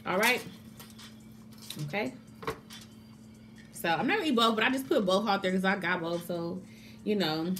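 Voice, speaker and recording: A woman chatting casually to camera as a mukbang vlogger, excitable and calling her viewers y'all. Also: medium pitch, normal speed, long pauses, slight background noise.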